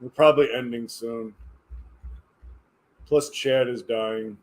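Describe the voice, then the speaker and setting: A man's voice: medium pitch, steady tone, slow. A tired man chatting casually on a livestream, rambling and hesitant, often trailing off into mumbles. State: tired, yawning. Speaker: livestreamer reading chat.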